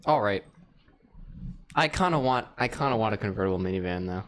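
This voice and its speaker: A young man co-hosting a casual chat, earnest and quick to laugh as he rambles through ideas. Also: lowish voice, lively intonation. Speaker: podcast co-host.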